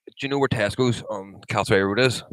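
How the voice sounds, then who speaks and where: A man with a lower voice chats on a podcast, telling stories and teasing his co-host with plenty of swearing. The sound is dry and close with no room echo. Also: fast talker, a bit bright. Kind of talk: casual chat.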